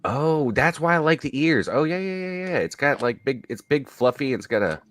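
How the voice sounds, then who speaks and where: A man's voice: mid-range voice, sing-song, brisk, a bit bright. A man with a Southern American accent chatting casually on a livestream, telling jokey stories.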